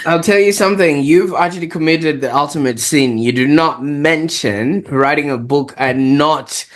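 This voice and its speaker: A man's voice: on the high side, moderate pace. Man hosting, playful and teasing. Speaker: host. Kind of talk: casual interview talk.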